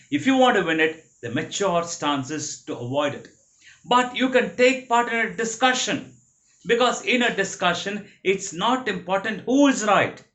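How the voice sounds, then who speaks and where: A man with an Indian English accent delivers a motivational training lecture. His pitch sits fairly high and swings widely as he stresses each point, and he hammers his key phrases home by repeating them. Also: a bit bright.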